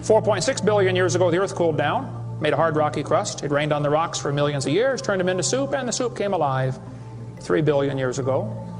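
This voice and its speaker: A man's voice: on the high side, lively intonation, brisk, big-room sound, over music. A man giving a creationist seminar lecture to an audience, sarcastic and mocking as he tells stories.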